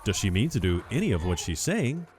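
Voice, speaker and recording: A man giving measured, analytical scripted narration over video footage. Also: on the low side, very animated, darkish tone.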